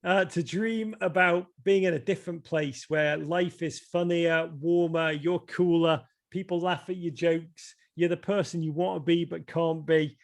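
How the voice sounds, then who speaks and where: A man's voice: on the high side, a little slow, creaky, hardly any pauses. A man with a Liverpool accent, an author telling stories on a video call and acting out the voices in them. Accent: Liverpool English. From England. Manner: animated, acts out quoted voices. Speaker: author reading and discussing his book. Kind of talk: casual storytelling talk.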